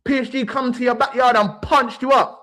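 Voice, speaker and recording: A man's voice: extremely high pitch, steady tone, normal speed, pushed and bright. A young man hosting a livestream, ranting brashly about football with swaggering street slang. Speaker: livestream host. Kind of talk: heated fan rant.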